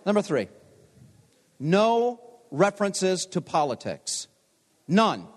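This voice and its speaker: A man in his sixties delivers a chapel sermon, mixing personal stories with gentle jokes at his own expense. His speaking voice sits fairly high for a man. The sound rings out with a long reverb from the large chapel around him. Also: big pitch swings, slow. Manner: storytelling, self-deprecating humor. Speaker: pastor.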